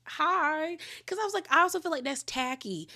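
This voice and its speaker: A woman's voice: sits high, fast. A woman recapping a reality TV episode in casual chat, storytelling with lots of energy and acting out what people said. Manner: animated storytelling, acts out quotes, laughs often.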